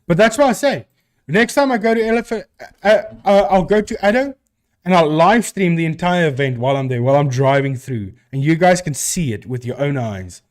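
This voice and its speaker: A man's voice: a little high, lively intonation, a little fast. A man from South Africa with a South African accent, a live stream host chatting casually and answering viewers with rambling restarts.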